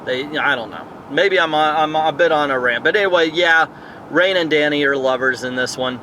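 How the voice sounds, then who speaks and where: Outdoors in a town area at night, a man rambles through a casual movie review, thinking aloud with plenty of fillers and tangents. His voice is on the high side, pushed and bright, at a moderate pace. There's slight background noise.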